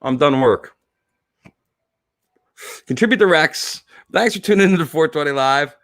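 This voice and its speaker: A man's voice: on the high side, lively intonation, unhurried, fairly bright tone, no echo. A man hosting a casual livestream show, rambling and emotional, choked up and teary, with many fillers and restarts. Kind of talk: casual livestream sign-off chat. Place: home.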